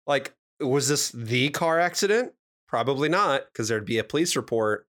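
A man's voice: mid-range voice, animated, moderate pace, a bit bright. A man co-hosting a podcast, recapping episodes with dry humor and puns. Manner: dry, wry wordplay and explanations. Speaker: podcast co-host. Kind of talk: casual recap chat.

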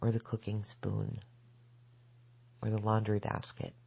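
A woman and spiritual teacher giving a gentle, measured spoken reflection that sometimes sinks into soft whispers. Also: rumbling low, level tone, creaky, husky, muffled recording. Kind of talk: slow reflective spoken essay.

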